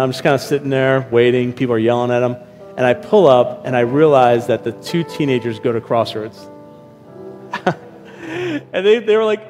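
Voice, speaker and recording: A middle-aged man preaching a sermon as a pastor, telling stories and acting out his own lines in lively asides. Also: sits high, moderate pace. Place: church hall. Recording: reverberant hall with faint music.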